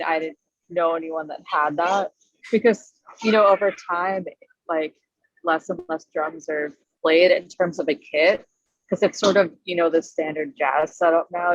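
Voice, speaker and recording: A woman's voice: on the low side, dry recording. A woman with a Long Island accent, a drummer chatting casually as a guest on a video call, often laughing as she talks. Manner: laughs while talking, easygoing. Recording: dry, dull video call audio.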